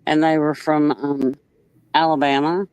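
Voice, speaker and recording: Slow-talking, incredulous woman. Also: sits low, flat delivery, darkish tone, clean tone, no echo, rough recording. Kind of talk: casual group chat.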